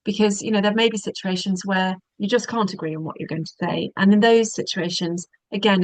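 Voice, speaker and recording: A woman, a divorce specialist giving calm, measured webinar advice with frequent ums. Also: medium pitch, no room sound, rough recording.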